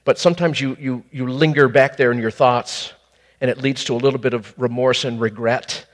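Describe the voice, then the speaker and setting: A man ministering to a couple in a conversational, animated preaching style, with sudden high exclamations. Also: a little fast, big-room sound.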